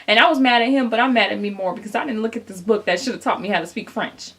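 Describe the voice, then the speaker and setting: Brief: young woman, storytime vlogger, slightly high voice, animated, chatty, talks right to viewers. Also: fast talker. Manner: animated storyteller acting out quotes; casual, chatty, addresses viewers directly. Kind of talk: storytime vlog.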